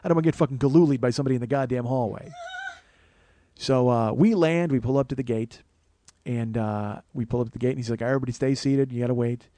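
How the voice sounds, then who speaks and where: A man's voice: mid-range voice, quick pace, dark tone, no room sound. A man telling a comic story as a podcast host, profane and ranting with mock paranoia.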